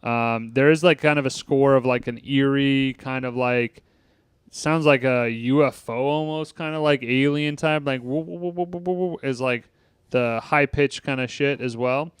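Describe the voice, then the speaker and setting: A man's voice: mid-range voice, fairly even intonation, a little slow, smooth, no echo, studio quality. A man co-hosting a casual movie review podcast, quoting lines in mock British voices and swearing casually. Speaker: podcast co-host.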